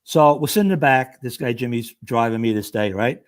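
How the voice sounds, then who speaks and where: A man's voice: medium pitch, brisk. A middle-aged man, a retired fire lieutenant telling stories as a podcast guest and acting out the people in them. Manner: animated, acts out the voices of the people in his stories. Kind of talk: casual storytelling.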